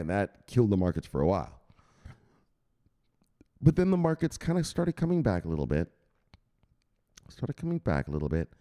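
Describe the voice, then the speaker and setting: Male crypto-channel host, lowish voice, very lively delivery, profane and offhand. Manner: animated, swears freely, mocks imagined viewers in a high squeaky voice. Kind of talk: casual explainer talking over a chart.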